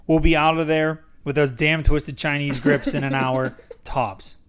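A man's voice: a little high, fairly even intonation, measured pace, clean tone. A man reading as a manic ringleader barking orders. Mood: bossy, excited. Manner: loud, pushy and enthusiastic. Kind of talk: read-aloud dialogue from a memoir.

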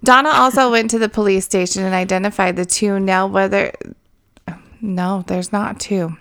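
Giggly woman podcast co-host with vocal fry. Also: medium pitch, steady tone, normal speed, fairly bright tone. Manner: giggly, swears, trails off mid-thought. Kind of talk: casual podcast chat.

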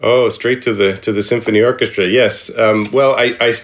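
A man's voice: on the low side, fairly even intonation, normal speed. A middle-aged man from Indianapolis answering interview questions from his home office, hesitant with many ums and restarts. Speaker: psychiatrist and composer guest.

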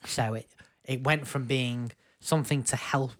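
A man's voice: medium pitch, fairly even intonation, unhurried, a bit bright, no room sound. A man from England co-hosting a casual music podcast, rambling through his points with lots of ums and restarts. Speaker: podcast co-host.

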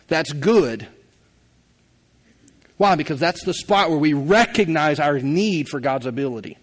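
A man's voice: fairly high pitch, expressive, moderate pace. A middle-aged man preaching a sermon in a folksy, conversational way, often laughing as he talks. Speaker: pastor.

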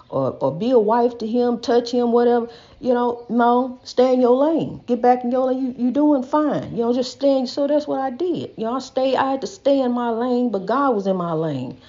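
Older lady with a highish voice preaching and rambling on repeat, kinda muffled lo-fi audio. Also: mellow. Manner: preachy, repetitive, emphatic, rambling. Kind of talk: impassioned spiritual monologue.

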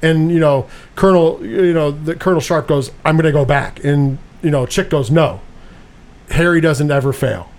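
A man co-hosting a podcast, casually retelling a film's plot with lively quoted lines and swearing. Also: on the high side, moderate pace. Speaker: podcast co-host. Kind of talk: casual movie review chat.

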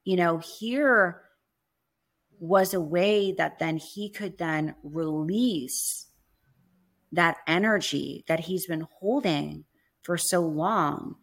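A woman's voice: on the low side, slow. A woman talking as a guest on an interview show, telling a story in a chatty way full of "like" fillers.

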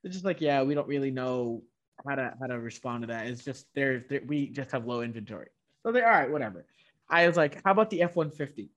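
A man chatting casually, telling a long story with many restarts and quoting salespeople in a flat voice. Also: mid-range voice, fast talker. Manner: rambling, many restarts, quotes dealers in a flat voice. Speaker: guest telling a car story. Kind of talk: casual chat.

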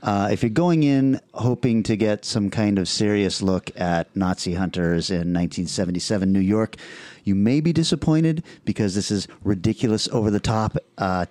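A man hosting a podcast in casual chat, enthusiastic and quick to laugh. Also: lowish voice, dark tone, dry recording. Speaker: podcast host.

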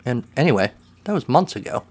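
A man's voice: medium pitch, sing-song, quick pace, slightly rough. A man reading a first-person short story aloud in a dry, wry way.

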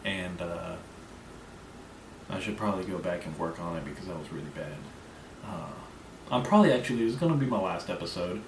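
A man with a fairly low voice rambles through a casual solo podcast, brash and full of swearing. He sits some way back from the microphone in a roomy, echoing space with a faint hiss underneath. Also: lively intonation, a little fast, pauses often. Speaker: podcast host. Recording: echoey room, mic at a distance, faint background noise.

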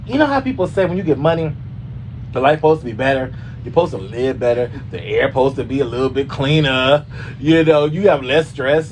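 A man hosting a casual gossip show, sassy and animated, often swooping up into high squeals. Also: a little hiss or hum. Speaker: host.

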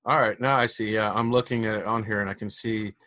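A man's voice: lowish voice, fairly even intonation, fast, pushed and bright, dry recording. A man hosting a podcast interview, upbeat and casual, with frequent fillers and laughter. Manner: upbeat, hesitant with many fillers, laughs often. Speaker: podcast host.

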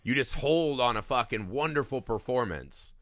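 A man's voice: medium pitch, normal speed, dry recording, studio quality. A middle-aged man co-hosting a casual movie podcast, swearing freely and acting out quotes from his stories. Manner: profane, animated storyteller acting out quotes. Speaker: podcast co-host.

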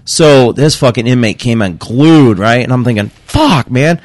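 A young man tells a story in casual podcast chat, cursing freely and slipping into quick impressions of the people involved. His voice sits at an ordinary pitch. The sound is close and dry. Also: dry recording. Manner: profane, animated storytelling, acting out quotes. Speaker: podcast guest telling a work story.

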